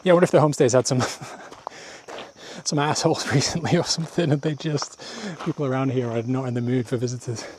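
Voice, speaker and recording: A man's voice: medium pitch, steady tone, a little fast, noisy background. A man talking to his camera while walking outdoors, self-deprecating and rambling, laughing often and a little out of breath. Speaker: travel vlogger. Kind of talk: casual walking vlog monologue. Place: outdoors on village paths.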